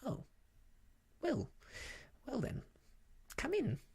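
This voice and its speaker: A soft-spoken reader voicing a fussy, wary male rabbit in whispered role-play. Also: high voice, huge pitch swings, very slow, creaky, slightly rough, pitched above the performer's own voice, exaggerated voice. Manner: prim, cautious, fussy.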